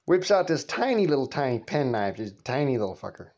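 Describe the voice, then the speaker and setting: A man's voice: medium pitch, sing-song, brisk, a little mellow. A man casually telling a personal anecdote, rambling and digressing with profanity and chuckles. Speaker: storyteller. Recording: muffled lo-fi recording.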